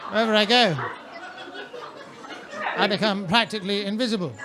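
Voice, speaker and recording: A man's voice: sits high, moderate pace, crowd noise. A male stand-up comedian performing in a comedy club with a mannered, theatrical, droll delivery into a handheld mic.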